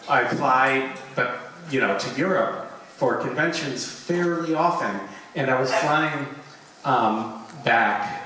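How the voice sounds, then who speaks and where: A middle-aged man answering fan questions at a convention panel, rambling and self-mocking, now and then lively in his stories. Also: mid-range voice, a little hiss or hum. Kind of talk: casual Q&A storytelling. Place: large convention hall. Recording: echoey hall, taped from far off.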